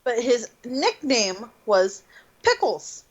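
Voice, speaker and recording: A woman's voice: fairly high pitch, very animated, takes it slowly. A woman chatting casually on a podcast, telling rambling stories full of fillers. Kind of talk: casual chat. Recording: dull lo-fi sound.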